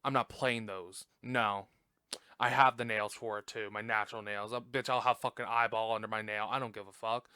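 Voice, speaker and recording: A man's voice: fairly low pitch, fairly even intonation, moderate pace, pushed and bright, smooth, no room sound, clean studio sound. A young adult man hosting a podcast, recapping a movie in a casual, profane way and laughing often. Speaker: podcast host.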